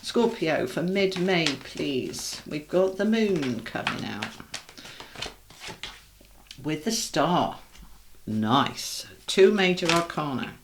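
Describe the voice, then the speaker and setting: A woman's voice: deep voice, lively intonation, takes it slowly, pauses often, noisy background. A woman giving a chatty tarot card reading, talking straight to her viewers in a reassuring way. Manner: warm, chatty and reassuring, addresses viewers directly. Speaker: tarot reader.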